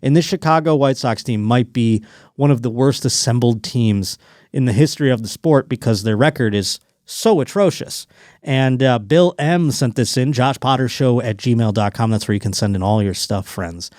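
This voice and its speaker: Animated, swearing podcast host man. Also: mid-range voice, moderate pace, no echo, clean studio sound. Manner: animated, profane, jumps into mock voices. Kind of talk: solo comedic podcast riffing.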